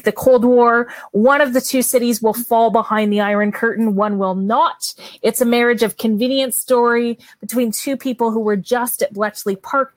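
A woman's voice: on the high side, no echo. Eager Canadian woman author, dry sound. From Ontario, Canada. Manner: gushing, eager, laughs often. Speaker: author guest. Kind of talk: casual interview chat.

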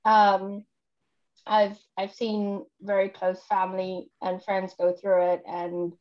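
A woman's voice: medium pitch, completely flat delivery, highs cut off. A woman from South Africa with a South African accent tinged British, a guest author talking in a bubbly way with many fillers. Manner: bubbly, fillers and quick laughs. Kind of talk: casual podcast interview.

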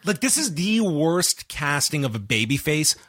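Wrestling podcast guy, sarcastic and lively, voice jumps all over, dry close mic. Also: fairly high pitch, unhurried, husky, no room sound. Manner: animated, sarcastic recapping. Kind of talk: casual chat.

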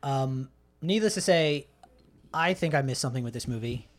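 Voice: mid-range voice, animated, normal speed. A podcast host chatting casually about a film, laid-back and opinionated, with frequent ums.

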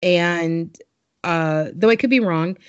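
A woman with a lowish voice talks through her views in a casual podcast, thoughtful and hedging, with plenty of fillers. The recording sounds dull and lo-fi. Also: slow pace, smooth. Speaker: podcast co-host. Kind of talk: casual chat.

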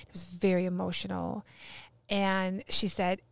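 A woman guest on a podcast, telling a personal story in a casual, animated way and acting out the dialogue. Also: on the low side, moderate pace, creaky, dry recording. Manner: animated, acts out quoted dialogue. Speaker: guest medium.

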